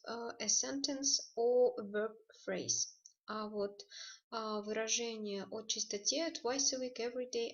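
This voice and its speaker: A woman's voice: fairly high pitch, gravelly, muffled recording. A woman with a Russian accent teaching an English grammar lesson, explaining rules and switching between two languages. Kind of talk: recorded online lesson.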